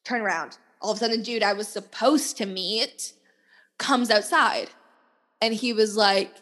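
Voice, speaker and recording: A woman's voice: mid-range voice, fairly even intonation, brisk, a bit bright, big-room sound. A young woman in her twenties hosting a podcast. She tells a story casually, rambles with lots of fillers, swears bluntly and sounds exhausted. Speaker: podcast host.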